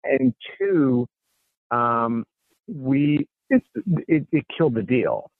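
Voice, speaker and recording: A man's voice: medium pitch, lively intonation, slow pace, dry recording. A man, a real estate investor appearing as a guest, telling a deal story in conversational style and quoting the people involved. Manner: recounts dialogue in quoted snippets, frequent restarts. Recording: phone-like narrow sound, dry.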